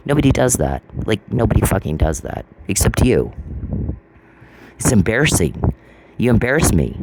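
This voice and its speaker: A man's voice: fairly low pitch, very animated, moderate pace, long pauses. Furious ranting man, noisy recording. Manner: confrontational, profane, repeats taunting questions. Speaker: vlogger. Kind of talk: angry ranting monologue.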